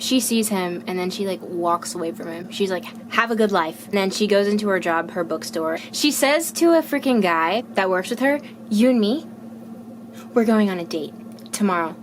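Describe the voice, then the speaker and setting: A young woman talks through her month of books in an easygoing vlog, blunt and lively, with quick drops into quieter asides. Her voice sits at an ordinary middle pitch. A faint hiss of background noise runs under the recording. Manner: candid, animated, blunt, swings to soft asides. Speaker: book vlogger. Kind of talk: casual reading vlog chat.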